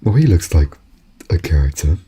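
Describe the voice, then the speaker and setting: A man's voice: rumbling low, sing-song, moderate pace, mellow, a little hiss or hum. A man casually joking while livestreaming a game playthrough. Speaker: streamer. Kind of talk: live game playthrough commentary. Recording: game music playing behind.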